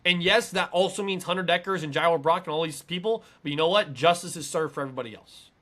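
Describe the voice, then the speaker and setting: A man co-hosting a casual sports podcast, talking emphatically and building to excited peaks. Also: a little high, quick pace. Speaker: podcast co-host.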